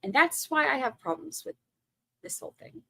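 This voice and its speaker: A woman's voice: high voice, lively intonation, normal speed, vocal fry, bright, forceful tone, dry recording. A woman in her forties with a Southern US accent, rambling and chatty as she hosts a casual livestream commentary. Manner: chatty, rambling, heavy on fillers. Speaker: livestream host.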